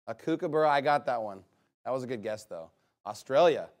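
A man leading a guessing game with a live group, reading out a long list in a chatty, upbeat way with quick asides. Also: medium pitch, lively intonation.

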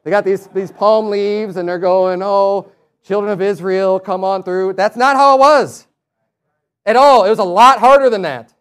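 A man's voice: high voice, fairly even intonation, moderate pace, fairly bright tone, clean tone. A man preaching a sermon, reading scripture aloud and rising to emphatic, raised passages.

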